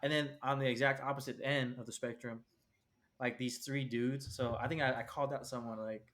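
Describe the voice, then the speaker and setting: A fast-talking man co-hosting a casual podcast. He rambles through stories and acts out what people said to him. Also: medium pitch, fairly even intonation, fairly bright tone. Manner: rambling anecdotes with quoted dialogue. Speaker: podcast co-host. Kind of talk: casual chat.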